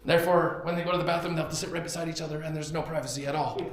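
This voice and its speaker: A man's voice: fairly high pitch, level tone, very fast. A young man preaching a sermon in a church, telling a story animatedly and acting out the quotes. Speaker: pastor. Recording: very echoey church hall.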